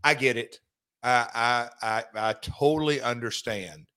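A man's voice: mid-range voice, pushed and bright, smooth. Man, middle-aged, podcast host, casual, stop-start delivery. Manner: halting, many restarts and fillers. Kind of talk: casual chat.

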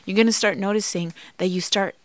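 A woman's voice: mid-range voice, fairly even intonation, a little fast, no echo. A woman co-hosting a podcast, giving earnest, emphatic advice on marriage and forgiveness. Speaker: podcast co-host. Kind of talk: heartfelt marriage advice talk.

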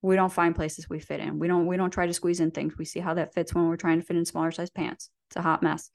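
A woman with a fairly low voice speaks as a guest in a motivational conversation. She coaches the listener directly and keeps checking in with "right?" and "you know". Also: level tone, quick pace, vocal fry, a little mellow. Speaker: podcast guest.

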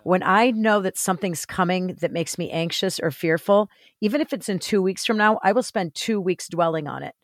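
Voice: mid-range voice, brisk, hardly any pauses, dry recording, clean studio sound. A co-host in a casual chat, supportive and laughing along.

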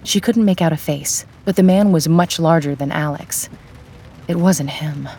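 A woman reading audiobook narration in a calm, measured way. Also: low-pitched, slightly rough.

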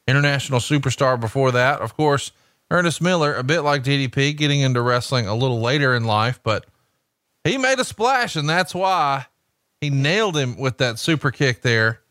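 Deadpan wrestling co-host man, dry mic. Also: medium pitch, normal speed, no echo. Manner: deadpan, pokes fun with made-up answers. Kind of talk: dry, joking color commentary.

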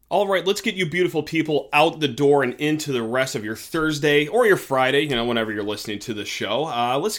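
A man's voice: fairly high pitch, lively intonation, brisk, few pauses, fairly bright tone. A man hosting a sports podcast, talking casually and joking, sometimes with sarcasm. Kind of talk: casual sports talk commentary.

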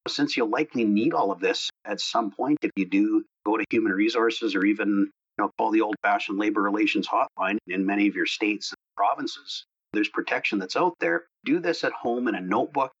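A man co-hosting a casual podcast discussion, talking in a relaxed conversational way. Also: fairly low pitch, brisk, few pauses, slightly rough, dull audio. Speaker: co-host.

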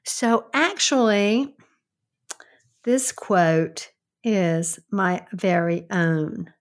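A woman's voice: mid-range voice, extremely slow. A middle-aged woman with a Southern US accent, co-hosting a podcast in an earnest, heartfelt way. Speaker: podcast co-host. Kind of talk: casual podcast chat.

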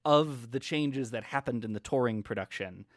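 A man's voice: medium pitch, normal speed, no echo. A man chats away as a podcast co-host, laughing easily and letting sentences wander. His voice sits in the middle of the male range. The recording is dry and close. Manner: chatty, laughs often, trails off. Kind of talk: casual chat.

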